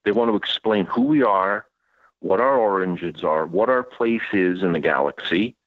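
A man's voice: low-pitched, expressive, moderate pace, no room sound. A man speaking as an author and interview guest, emphatic and given to sarcastic rhetorical questions. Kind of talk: interview talk. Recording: dull lo-fi dry audio.

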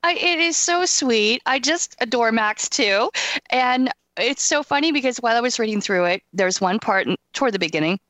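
Animated higher-voiced woman host. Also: normal speed, no room sound. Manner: animated and emphatic. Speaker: interview host. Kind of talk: casual interview chat.

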